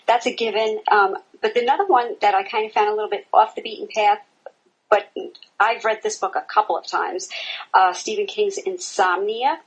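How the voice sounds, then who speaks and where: A woman co-hosting a casual podcast chat, talking haltingly with many fillers. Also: mid-range voice, steady tone, husky, dull audio. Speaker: podcast co-host.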